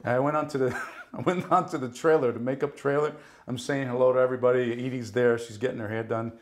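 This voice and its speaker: A man from New Jersey, a guest actor telling lively stories in a casual interview, acting out the voices of others and swearing now and then. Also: mid-range voice, fast talker. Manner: animated, acts out quoted voices, swears casually.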